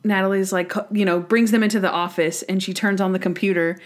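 A woman's voice: mid-range voice, steady tone, fairly quick. A woman co-hosting a casual chat about a TV episode, talking with enthusiasm and acting out characters' lines in changing voices. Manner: enthusiastic, acts out quotes in shifting voices. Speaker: podcast co-host.

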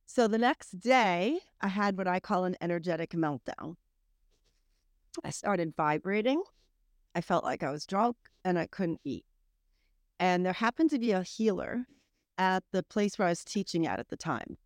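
A middle-aged woman with a fairly low voice tells her personal story as a podcast guest. Her talk is candid and animated, full of casual "like"s. The sound is dry and close, with little room around it. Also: moderate pace, no room sound.

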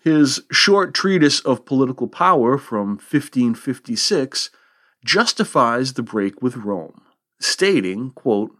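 Lively-voiced man narrating history. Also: mid-range voice, slow. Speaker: history podcast host.

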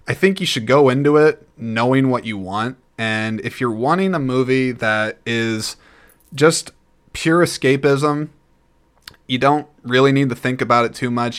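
A young man talks through a movie on his solo podcast in a loose, rambling way. He keeps restarting his sentences and clearing his throat. His voice sits at an ordinary middle pitch. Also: fairly bright tone. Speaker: podcast host. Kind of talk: casual solo movie review.

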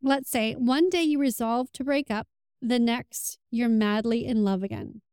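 Smooth-voiced woman giving earnest advice. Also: fairly high pitch, unhurried, darkish tone, dry recording, studio quality. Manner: earnest, acts out quoted lines. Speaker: relationship advice vlogger. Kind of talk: casual advice monologue.

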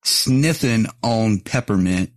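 A man's voice: fairly low pitch, slow pace, no echo. A man hosting a podcast, telling crude stories casually and laughing through them. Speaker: podcast host. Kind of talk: casual chat, storytelling.

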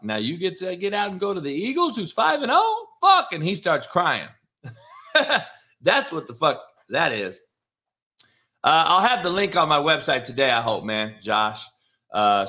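A man hosting a sports talk show, brash and profane, ranting about the news. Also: mid-range voice. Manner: brash, swearing, animated.

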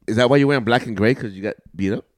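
A man co-hosting a casual sports podcast, teasing his partner and arguing his points calmly. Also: mid-range voice, racing, no room sound, studio quality. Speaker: podcast co-host.

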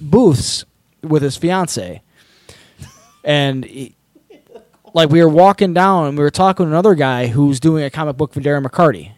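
A man's voice: fairly high pitch, moderate pace, pauses often, a little mellow, no room sound. A man co-hosting a podcast, telling a long story in a rambling, profane way. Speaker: podcast co-host. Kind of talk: casual podcast chat.

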